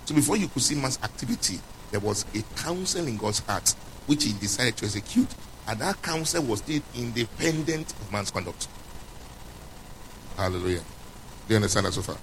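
A man's voice: fairly low pitch, expressive, brisk, vocal fry, a little hiss or hum, rough recording. A man preaching a sermon who stresses his points, repeats them, and asks his listeners questions as he goes. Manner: emphatic, repeats key points, quizzes listeners. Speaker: pastor.

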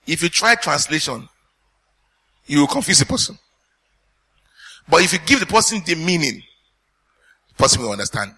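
A man's voice: a little high, gravelly, bright, forceful tone, breathy edge. A man preaching a sermon as pastor, teaching earnestly and putting questions to the congregation.

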